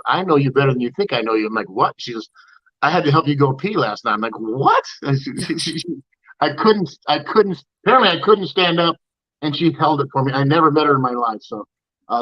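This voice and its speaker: A man talking over a video call in a loose, rambling way, emotional and quick to laugh. His voice is bright and forceful, and the call audio comes through dull and lo-fi. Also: medium pitch. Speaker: interview guest, slot channel creator. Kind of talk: casual storytelling on a video call.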